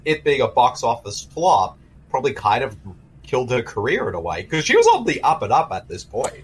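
A man's voice: medium pitch, wildly swooping pitch, a little fast, breathy edge, rough recording. A man co-hosting a casual movie watch-along, rambling about film trivia. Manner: rambling, chatty, trivia-minded. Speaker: podcast co-host.

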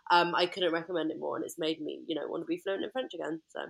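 A woman's voice: low voice, fairly even intonation, quick pace, vocal fry, breathy edge. A young woman, co-hosting a podcast and enthusiastically retelling scenes in casual chat. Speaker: podcast co-host.

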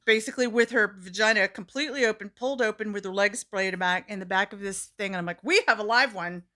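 A woman with a bright, forceful voice tells a story in relaxed conversation. She is animated and slips into the voices of the people she quotes, with frequent laughter. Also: mid-range voice, fast. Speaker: storyteller guest. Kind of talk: casual storytelling chat.

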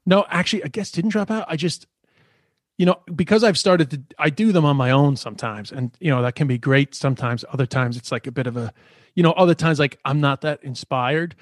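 A man's voice: on the high side, brisk, no room sound, studio quality. A man hosting a podcast, chatting casually, swearing a lot and ranting with energy. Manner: swears constantly, animated ranting. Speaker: podcast host.

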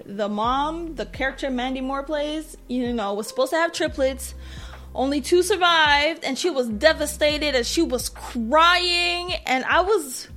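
Young female podcast host, high-pitched, candid and self-mocking storyteller. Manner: candid and self-deprecating, with animated quoted asides. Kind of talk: personal storytelling.

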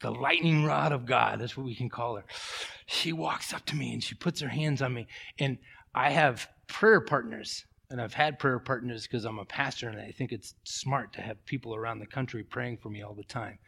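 A middle-aged male pastor preaching a sermon, telling stories with animated swings from loud to hushed. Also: mid-range voice, moderate pace, vocal fry, breathy edge. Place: church.

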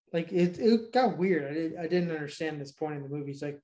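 A man's voice: high voice, fairly even intonation, brisk, few pauses, darkish tone. A man from Georgia co-hosting a casual chat, recapping a movie in a rambling, profane way. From Georgia, USA.

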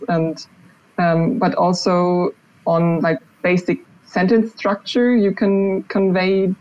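Female guest, halting and slow, slightly low, dull remote recording. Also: darkish tone. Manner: slow, hesitant, many ums and uhs. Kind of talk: casual interview answer.

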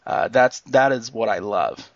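A man with a gravelly, fry-edged voice co-hosts a podcast, reading news with plenty of "um"s and laughs. He sounds giddy. The recording is dry and somewhat muffled. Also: fairly low pitch, a little slow, no room sound. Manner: excited, laughs often, reads news with fillers. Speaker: podcast co-host. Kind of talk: casual news chat.

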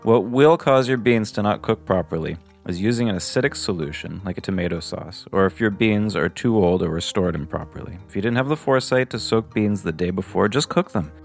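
A man's voice: lowish voice, lively intonation, a little fast, gravelly, few pauses, soft background music. A man giving a matter-of-fact cooking tip on the radio. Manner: plain, matter-of-fact advice.

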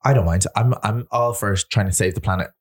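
A man's voice: a little fast, husky. Chatty Irish man telling stories. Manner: chatty storyteller, mimics people in high voices. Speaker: podcast co-host. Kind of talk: casual chat.

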